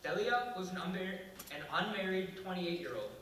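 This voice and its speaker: A teenage boy reading his personal essay aloud to an audience, with a halting start and then steady reading. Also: high-pitched. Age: teens. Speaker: student reader. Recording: echoey room from far off, faint noise.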